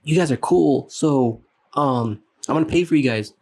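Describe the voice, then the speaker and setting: A young man co-hosting a podcast, chatting casually in a laid-back, halting way and often breaking in with short agreements. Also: fairly high pitch, a little mellow, husky. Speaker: podcast co-host. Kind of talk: casual chat.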